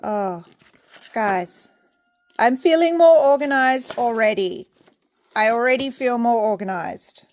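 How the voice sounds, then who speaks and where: A young woman with an Australian accent, chatting excitedly while unboxing her small business order at home. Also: a little high, slow, pauses often. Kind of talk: casual unboxing vlog. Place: home indoors, rain and roosters outside.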